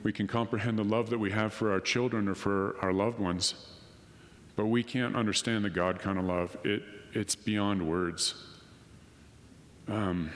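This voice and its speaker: Man, lowish voice, earnest testimony, emotional, long hall reverb. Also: slight background noise. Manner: earnest and emotional, quoting others in lively voices. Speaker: conference speaker. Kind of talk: personal testimony talk. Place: conference hall.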